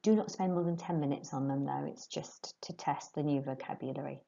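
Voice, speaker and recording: A woman teaching a French lesson to pupils, slowly and clearly modelling phrases for them to repeat. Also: low-pitched, mellow, dull audio. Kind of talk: recorded remote lesson.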